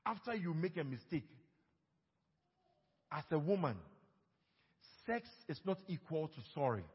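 A male pastor delivers a lively sermon on marriage, his voice swinging widely in pitch and carrying a husky grain. He slips into small put-on voices to quote couples. The sound is dull, with a long reverb tail from a large hall. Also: unhurried.

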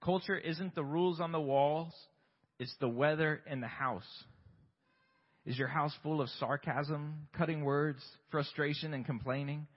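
A man's voice: a little high, steady tone, measured pace, husky. A man preaching a conversational sermon, candid and self-deprecating, full of rhetorical questions. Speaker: pastor. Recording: long hall reverb, dull lo-fi sound.

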